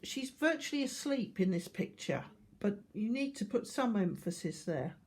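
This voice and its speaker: Calm older woman teaching painting. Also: mid-range voice, moderate pace. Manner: calm, explanatory, talking while painting. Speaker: art teacher. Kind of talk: watercolour painting demonstration.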